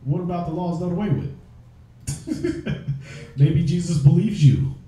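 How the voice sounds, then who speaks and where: A man teaching scripture in loose, profane street talk, blunt and openly mocking. His voice sits a bit high with a mellow, dark tone. It rings in a heavily echoing room. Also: a little fast. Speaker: teacher of a religious group. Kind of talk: preaching in casual street talk. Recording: very echoey room.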